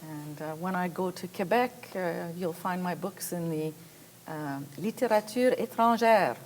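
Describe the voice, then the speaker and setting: A woman author speaking on a panel, hesitant, with frequent pauses and fillers. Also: on the low side, darkish tone, a little hiss or hum, low-quality recording. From Manitoba, Canada. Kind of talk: panel discussion.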